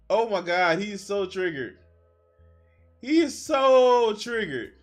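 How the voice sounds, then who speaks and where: A man's voice: high voice, very animated, takes it slowly, long pauses, soft background music. A man streaming a reaction to a debate clip, mocking and laughing with heavy profanity. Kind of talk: live reaction commentary.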